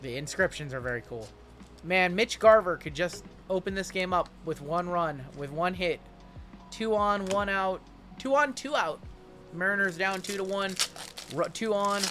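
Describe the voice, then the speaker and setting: A man hosting a trading card break livestream, chatting casually and answering viewer questions as he opens packs. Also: high voice.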